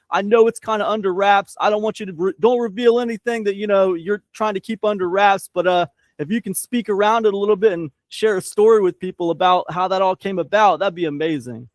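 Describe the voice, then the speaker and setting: A male host with a high voice talks with lively enthusiasm and throws in punchy sound-effect words. The sound is dry and close to the mic. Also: no echo. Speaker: interview host. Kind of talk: casual conversational interview.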